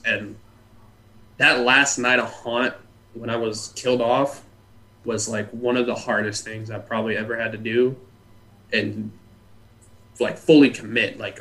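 A man's voice: mid-range voice, fairly even intonation, moderate pace, sharp tone. A young man from California, a podcast guest telling rambling stories with a joking streak. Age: young adult. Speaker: podcast guest, former haunt scare actor. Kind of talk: casual podcast interview.

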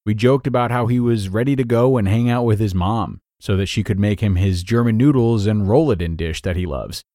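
A man hosting a podcast who reads a blog post aloud in an earnest, measured way, then comments on it. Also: on the low side, mellow, no echo, clean studio sound. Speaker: podcast host.

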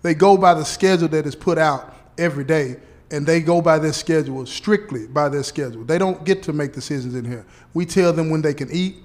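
A man playing a parole officer who explains things slowly and deliberately, checking in often with "okay?" and "right?". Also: on the high side, lightly acted. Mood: explaining. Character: patient male parole officer briefing a relative.

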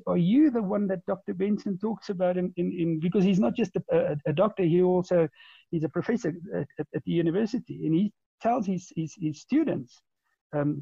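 A man's voice: high voice, creaky, warm tone, breathy edge, dry recording, lo-fi sound. A man in his forties, a podcast guest, telling a long personal story in a rambling way, repeating words and restarting his sentences. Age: 40s. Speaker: interview guest. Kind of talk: conversational storytelling.

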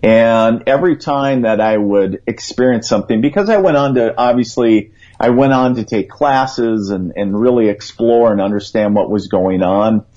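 A man's voice: medium pitch, moderate pace, few pauses, dark tone. A man on a call-in radio show as a guest psychic, telling a story in an earnest, rambling way. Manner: earnest, rambling, quotes his own thoughts aloud. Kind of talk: conversational storytelling. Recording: dull lo-fi radio sound.

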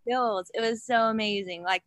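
A woman chatting casually as a podcast guest, an animated storyteller who acts out quotes, with many fillers. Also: on the high side, normal speed, no echo. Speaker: guest, gravel bike racer.

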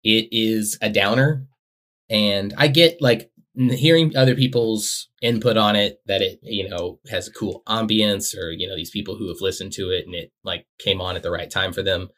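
A man co-hosting a podcast in casual chat, excitable and quick to laugh, swearing casually. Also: on the low side. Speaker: podcast co-host.

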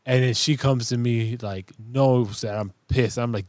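Podcast host dude, average pitch, chill and chatty, cursing a lot, dry close mic. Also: male voice, steady tone, measured pace, a little mellow, no room sound. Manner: conversational, drops to a low mutter, swears casually. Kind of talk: casual chat.

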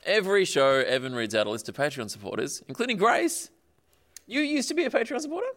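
A man's voice: high voice, very animated, fast talker, fairly bright tone. A man hosting a panel show. He talks hesitantly with frequent ums while reading out questions and names. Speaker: host.

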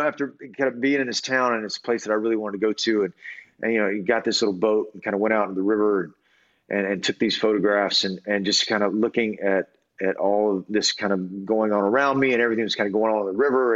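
A man with a low voice tells a long personal story as a guest. He talks in an earnest, halting way, full of restarts and fillers. The sound is dull and lo-fi.

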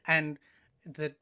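A man appearing as a podcast guest, talking in a thoughtful, measured way with frequent pauses and ums. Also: sharp tone. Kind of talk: casual conversational analysis.

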